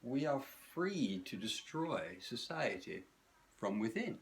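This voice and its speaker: A man delivering a scripted comedic video essay in a dry, sardonic voice. His pitch swoops all over as he plays with theatrical pauses and self-mocking asides. A faint hum sits under the recording. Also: big pitch swings.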